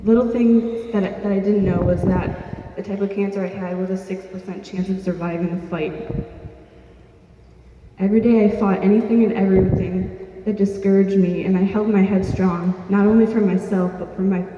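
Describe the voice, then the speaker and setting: A woman's voice: mid-range voice, steady tone, moderate pace, slight background noise. A young woman earnestly telling her own story to an audience, plain-spoken with small restarts. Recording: distant, dull-sounding mic in an echoey hall.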